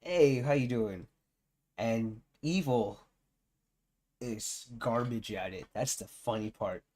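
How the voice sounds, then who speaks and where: A man streaming his reaction to a video in a relaxed, rambling way. He takes his time, drifting between thoughts with plenty of fillers and little amused remarks. His pitch sits in an ordinary middle range. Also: slow. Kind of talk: casual reaction commentary.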